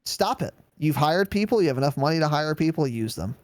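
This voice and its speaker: A man's voice: on the high side, lively intonation, fairly quick. A man co-hosting a gaming podcast in casual chat, sarcastic and swearing freely as he mocks corporate statements. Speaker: podcast co-host.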